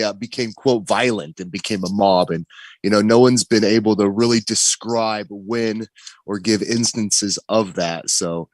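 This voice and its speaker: A man's voice: on the low side, dry recording. A man co-hosting a casual livestream, talking loosely with many fillers. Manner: laid-back, filler-heavy talk. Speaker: co-host.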